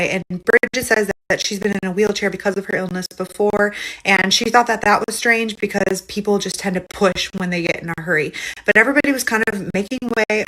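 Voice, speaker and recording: A woman's voice: medium pitch, fairly bright tone, poor audio. A woman hosting and casually retelling a reader's story. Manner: casual, chatty, quick delivery. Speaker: host.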